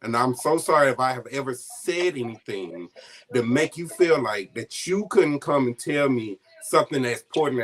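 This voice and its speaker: Speaking at a medium pitch with slight background noise, a guest storyteller in an interview shares a heartfelt personal story. He's emotional, choking up and close to tears at times, and animatedly acts out the voices of the people involved.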